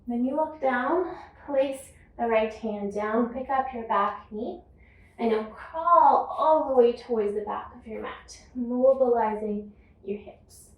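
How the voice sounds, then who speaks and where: A woman teaching a guided yoga class, calmly cueing each breath and movement. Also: on the high side, takes it slowly, distant mic, highs cut off. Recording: echoey room, voice off-mic.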